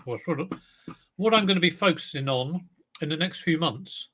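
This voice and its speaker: Lively chatty man. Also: a little high, moderate pace, husky. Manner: chatty, self-mocking, breaks into song and talks while eating. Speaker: live-streaming clothes reseller. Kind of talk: casual live-stream chat.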